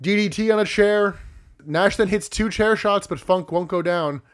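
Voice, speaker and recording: Man, fairly high voice, casual podcast co-host, play-by-play recap, wry. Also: moderate pace, smooth. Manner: recounts matches play by play, wry. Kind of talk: casual wrestling recap chat.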